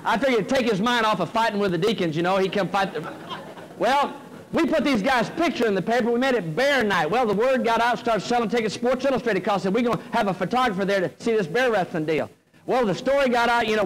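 High-voiced folksy man telling a story. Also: poor audio. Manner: folksy, animated storyteller with comic timing. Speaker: motivational speaker. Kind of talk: humorous storytelling speech. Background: audience laughter.

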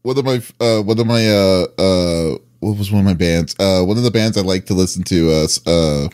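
A man's voice: low voice, moderate pace, darkish tone, clear, resonant tone, dry recording, clean studio sound. A young man hosting an interview, friendly and hesitant, laughing often. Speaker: interviewer host. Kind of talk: casual interview chat.

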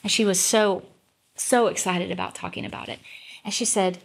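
A woman talks as a guest in an easygoing chat, telling a personal story with earnest warmth in her telling. She stumbles into restarts and self-corrections as her thoughts run ahead, and brightens her pitch whenever she plays out someone else's lines. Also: steady tone, moderate pace, creaky, husky. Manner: acts out quoted voices with lifted pitch. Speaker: guest, gospel singer. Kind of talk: casual storytelling in conversation.

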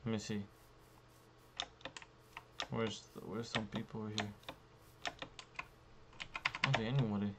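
A young man giving profane, frustrated commentary while playing a survival game, jumping between loud outbursts and low muttering. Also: fairly even intonation, slow pace, pauses often, very noisy. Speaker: gaming YouTuber. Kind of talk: profane live gameplay commentary.

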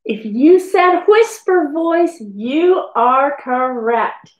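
A woman's voice: sits high, animated, extremely slow, echoey room, rough recording. A woman teacher giving a lesson to young children in a sing-song, encouraging way.

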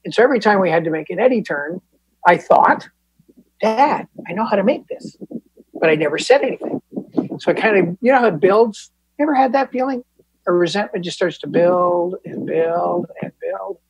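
A man's voice: high-pitched, moderate pace, creaky, slightly rough, no room sound, low-quality recording. A man from Canada, telling a candid, self-deprecating recovery story at a support group meeting. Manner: casual, candid, self-deprecating, with fillers and restarts. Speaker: Al-Anon speaker.

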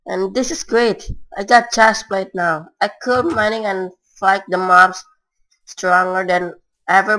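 A woman gamer gives casual, rambling commentary on her gameplay in broken non-native English, full of filler words. Her mid-range voice is a bit bright, and the audio quality is poor.

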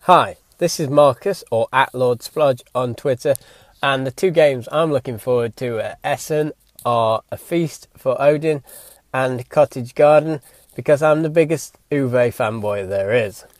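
A man's voice: mid-range voice, measured pace, dry recording. A man leaving an enthusiastic recorded message as a guest. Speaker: guest contributor.

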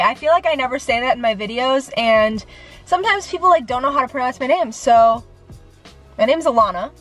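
A young woman with a fairly high voice chats to camera in a rambling, self-deprecating way, nervous and sweaty. She talks from a room at home with faint music underneath. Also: a bit bright. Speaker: vlogger. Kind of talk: casual chat to camera.

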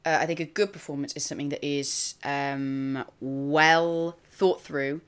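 Low-voiced woman, dry and teasing. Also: steady tone, measured pace, clear, resonant tone. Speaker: guest, professional actor. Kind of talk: casual chat.

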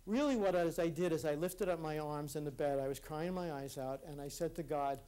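A man with a fairly high voice giving a personal, reflective talk before a conference audience. He speaks earnestly and haltingly, often restarting his sentences. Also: warm tone, clean tone. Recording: live talk in a hall.

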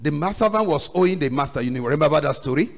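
Pastor preaching with big swings. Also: male voice, lively intonation, quick pace. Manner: preaching with sudden loud rises and low drops; acts out quoted voices in the story. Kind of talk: sermon.

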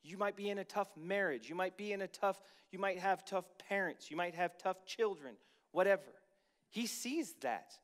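A man preaching a sermon as pastor, reading scripture and then commenting casually to the congregation, slowing down to stress key lines. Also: high voice, a bit bright.

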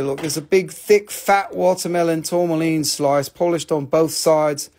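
Selling rocks on a live stream, this host keeps up a sales chat full of jokes, profanity and muttering to himself. His voice is on the high side, with a darkish tone.

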